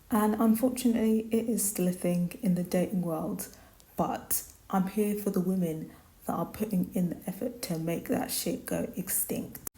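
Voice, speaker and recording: A woman delivers sassy, opinionated commentary straight to her viewers. Her voice sits a little low and sounds mellow and warm. She talks bluntly and calls things out without holding back. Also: low-quality recording. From London, England. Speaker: YouTuber. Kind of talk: reality TV commentary.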